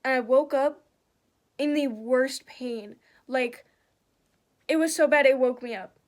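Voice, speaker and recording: A young woman's voice sits high and moves a little slowly as she chats over her makeup. The story she tells is packed with swearing and lively reenactment.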